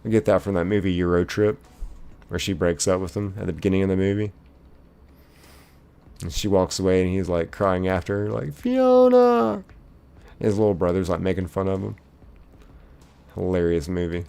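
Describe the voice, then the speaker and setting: A man's voice: low-pitched, flat delivery, a little fast, creaky, pauses often, warm tone, clean tone. A man streaming live, casually reading viewers' chat messages aloud in a chipper lilt and chatting back.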